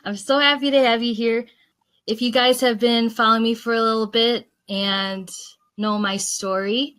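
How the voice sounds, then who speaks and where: A woman's voice: mid-range voice, a bit bright. A woman hosting a video call chat, talking in a chatty, enthusiastic way and laughing often. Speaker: host. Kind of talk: casual chat.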